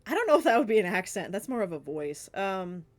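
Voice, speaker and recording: A woman with a Southern US accent, a streamer and artist, rambles casually through a Q&A with lots of fillers and giggles. Her mid-range voice swings widely in pitch, and she talks fairly quickly.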